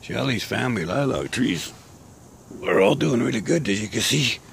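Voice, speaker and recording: A man talking casually outdoors in a vlog, sounding sick and short of breath, slow and rambling with pauses. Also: medium pitch, lively intonation, gravelly, a little hiss or hum. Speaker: vlogger. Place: outdoors in a garden grove.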